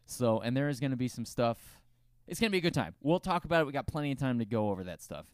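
A man's voice: medium pitch, expressive, fast talker, clean tone, dry recording, clean studio sound. A man co-hosting a casual podcast, upbeat and jokey, quizzing his co-host. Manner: upbeat, jokey, asks questions.

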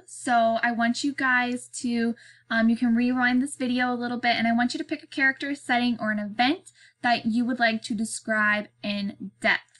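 A woman teacher reading a novel aloud in a plain, steady storytelling manner, then giving a class assignment. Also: a little high.

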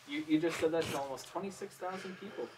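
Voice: medium pitch, a little fast, crowd noise, rough recording. Off-camera producer reading chat. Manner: relays chat messages and prompts for donations. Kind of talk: casual livestream chat.

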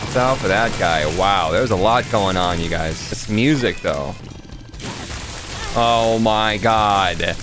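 Excitable man narrating his gameplay. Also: sits low, normal speed, hardly any pauses, over music. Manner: excitable, chatty, sudden yelps. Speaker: gaming channel host. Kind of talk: let's play commentary.

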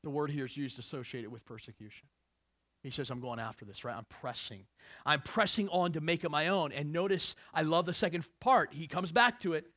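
Man preaching, high voice, bright and forceful, emphatic sermon, middle-aged. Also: fairly quick, no room sound, clean studio sound. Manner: emphatic preaching with wide swings between hushed and raised delivery. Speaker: pastor.

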